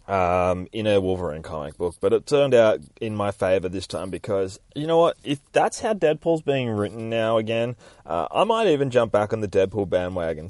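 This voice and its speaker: A man's voice: fairly low pitch, a little mellow, dry recording, clean studio sound. A man casually recapping and reviewing a comic book in a rambling, sweary way.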